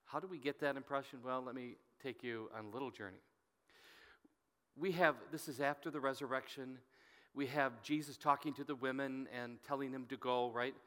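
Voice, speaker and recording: Man, preaching, storytelling, bright tone, echoing sanctuary. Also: mid-range voice, fairly even intonation, moderate pace. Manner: storytelling, reads scripture aloud with rising emphasis. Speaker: pastor. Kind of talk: sermon. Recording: long hall reverb.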